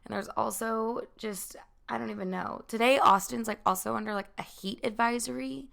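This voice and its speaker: Raspy hoarse young woman podcaster. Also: fairly high pitch, steady tone, normal speed. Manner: chatty, rambling, talks loud. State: hoarse from talking loud. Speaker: podcast host. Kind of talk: casual chat podcast.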